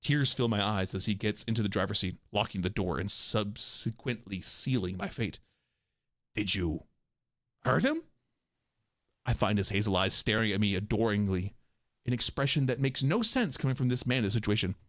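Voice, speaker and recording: A man streaming a game, reading and reacting aloud in a jokey way, quick to laugh. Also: lowish voice, a bit bright, no room sound.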